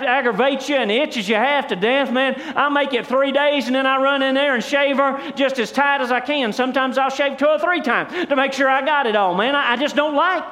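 A man's voice: very high voice, sharp tone. A middle-aged man preaching a sermon as pastor, in a folksy storytelling way with rhetorical asides to the congregation.

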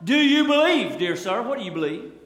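A man's voice: extremely high pitch, animated, slow, a bit bright, pitched above the performer's own voice, full character voice. A pastor voicing an earnest male evangelist who asks pointed, insistent questions, recorded in an echoey church hall. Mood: pressing. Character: probing male evangelist preacher, earnest and pressing.

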